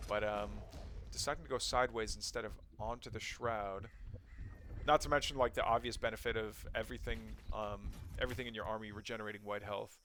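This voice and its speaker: A man giving relaxed color commentary on a strategy game match, often hesitating and hedging his opinions. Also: lowish voice, a little fast, slight background noise. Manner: relaxed, hesitant, many ums and likes. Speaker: co-caster.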